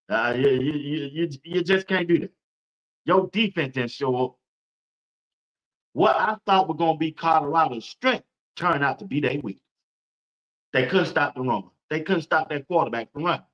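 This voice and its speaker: A man hosting a casual sports talk stream, animated, repeating his points and imitating crowd noises. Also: on the high side. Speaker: sports talk show host. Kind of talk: casual sports commentary to viewers. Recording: dull lo-fi stream audio.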